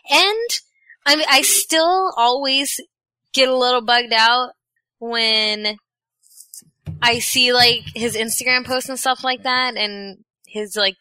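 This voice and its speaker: Female podcast co-host, slow and chatty, very bright tone, dry close mic. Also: fairly high pitch, no room sound, poor audio. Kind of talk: casual chat.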